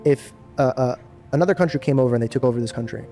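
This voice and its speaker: Man with a mellow, relaxed tone, brisk storyteller who plays out the dialogue. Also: medium pitch, faint music behind. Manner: animated storyteller who acts out quoted dialogue. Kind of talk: podcast storytelling.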